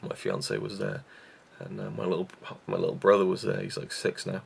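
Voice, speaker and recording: In a relaxed vlog, a young YouTube reviewer meanders through his favorite films, joking at his own expense and often stopping to restart amid many fillers. He has a low, husky, creaky voice that swings widely in pitch, and his pace is brisk.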